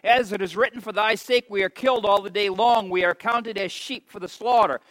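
A man in his fifties preaching an impassioned sermon in a church, swinging between soft, slow stretches and loud, emphatic repetitions. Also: sits high, steady tone, no echo, poor audio. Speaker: pastor.

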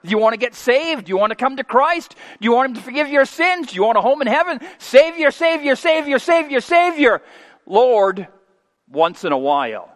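A man in his fifties preaching a sermon as pastor, folksy and homespun, moving from quiet asides to loud, emphatic preaching. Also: very high-pitched, very animated, a little fast. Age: 50s. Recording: long hall reverb.

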